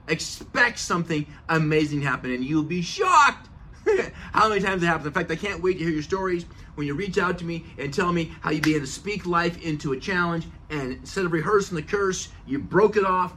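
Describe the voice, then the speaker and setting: Man, middle-aged, podcast host, motivational talk, earnest, emphatic, repeats phrases, somewhat high voice, faint background noise. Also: bright, forceful tone.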